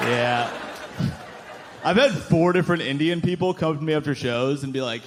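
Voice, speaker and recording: A man's voice: a little high, normal speed, pauses often. A young adult man doing a stand-up set on a comedy club stage, with a wry, sarcastic delivery into a handheld mic. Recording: live broadcast set with crowd laughter.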